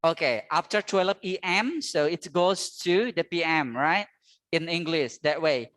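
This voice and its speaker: A man with an Indonesian accent teaching his language in English, halting and full of fillers. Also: fairly high pitch, a bit bright. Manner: halting, many fillers and restarts. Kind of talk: online language lesson.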